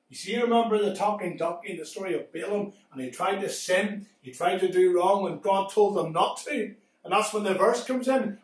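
A man teaching Sunday school, telling a Bible story to children with animated swings between shouts and hushed tones. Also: sits high. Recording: echoey room, far from mic.

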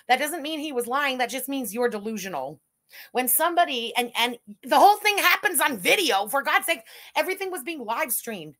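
A high, bright woman's voice hosts a live reaction stream. She answers each clip with sarcastic, mocking retorts and a sharp, pointed edge. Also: lively intonation, moderate pace.

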